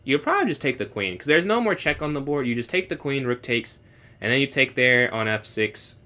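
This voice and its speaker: A young man with a bright, ringing voice chats casually through a chess stream, reasoning out loud about each move. He answers his viewers as he goes, now and then slipping into halting classroom French. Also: mid-range voice, lively intonation. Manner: thinks aloud, answers chat questions, switches into halting beginner French. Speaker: chess streamer solving puzzles with chat. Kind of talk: casual live-stream commentary.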